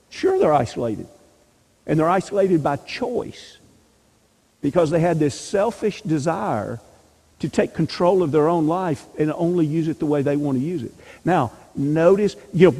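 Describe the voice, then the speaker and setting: Church class teacher, male, mellow slightly high voice, emphatic rhetorical delivery, long hall reverb. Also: slightly rough. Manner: emphatic, asks rhetorical questions. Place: church meeting room.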